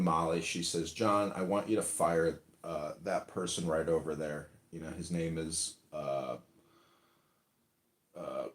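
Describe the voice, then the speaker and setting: A man hosting a casual talk show, telling stories in a rambling, profane way and acting out quotes. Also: sits low. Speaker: podcast host. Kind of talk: casual chat, storytelling. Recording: roomy echo.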